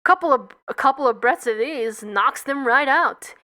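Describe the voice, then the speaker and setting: A woman's voice: high voice, animated, normal speed, pushed and bright. A woman voicing smug male beekeepers who joke about the bees. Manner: smug, jokey.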